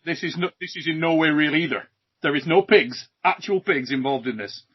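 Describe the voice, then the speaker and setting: A British man hosting a casual podcast, jokey and lively, reading out viewer questions over a video call. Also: a little high, brisk, breathy edge. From Britain. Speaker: host. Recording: muffled video-call audio.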